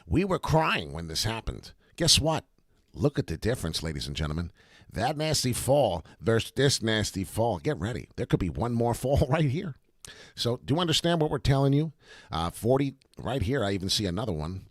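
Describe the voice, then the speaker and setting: A man hosting excited crypto chart commentary, repeating himself and dropping rhyming asides. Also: mid-range voice, normal speed, no room sound, clean studio sound. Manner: animated, repetitive, rhyming asides. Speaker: crypto chart analyst host.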